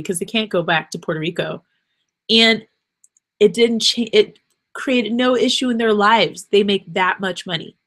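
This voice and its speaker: A podcast host with a slightly high, somewhat bright voice delivers an unscripted motivational monologue on her own show. She is earnest, rambling and encouraging, and she sounds emotional and close to tears.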